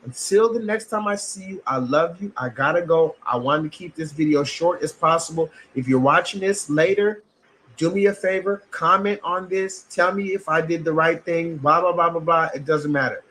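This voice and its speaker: An American man on a livestream, speaking bluntly and emphatically with plenty of profanity. His voice sits high, with a bright, sharp edge to it. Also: normal speed, slight background noise. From United States. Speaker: streamer. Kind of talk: livestream commentary.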